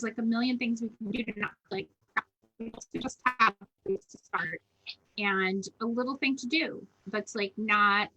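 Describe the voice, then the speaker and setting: A woman's voice: a little high, bright, forceful tone, muffled recording. A woman co-hosting a casual chat over a video call from home, frank and rambling, swearing casually. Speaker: co-host.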